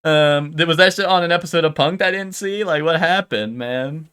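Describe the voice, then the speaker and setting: A man's voice: a little high, moderate pace, a bit bright, smooth. A young man streaming live, telling stories in a loose, rambling way full of fillers and swearing, and talking straight to his chat.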